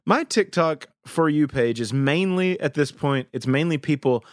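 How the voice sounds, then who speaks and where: A man co-hosting a casual podcast chat, talking in a rambling, halting way. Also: a little high, animated, no echo, studio quality. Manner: rambling, halting, with many restarts. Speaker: podcast co-host. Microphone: remote call microphone.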